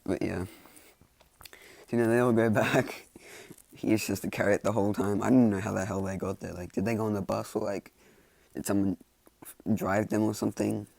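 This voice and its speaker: A man's voice: lowish voice, steady tone, fairly quick, vocal fry, long pauses, darkish tone, no echo. A man casually telling a fan fiction story, rambling and filling every gap with "like" and "you know.".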